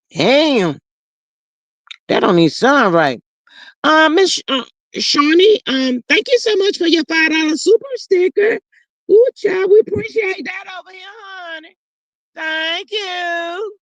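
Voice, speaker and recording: A woman's voice: very high voice, dry recording, highs cut off. A woman hosting a casual live stream, reading viewer comments aloud and reacting with sass. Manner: animated, sassy, calls viewers child and honey. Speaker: livestream host reading chat.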